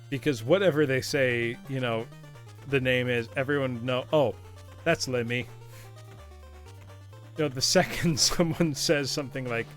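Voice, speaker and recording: A man streaming a retro game live, chatting playfully with his viewers and laughing often. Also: medium pitch. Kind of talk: live gaming commentary.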